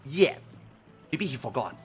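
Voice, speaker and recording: A man streaming, telling a story to his chat in a casual, animated way, swearing and loudly acting out what others said. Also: medium pitch, measured pace, faint music behind. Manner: animated retelling, acts out quotes loudly, swears, laughs.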